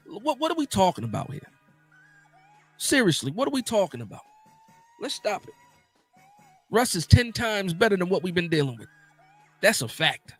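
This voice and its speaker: A man hosting a casual live sports talk stream, animated and emphatic, often repeating himself for emphasis. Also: high-pitched, moderate pace, pauses often, slightly rough, soft background music.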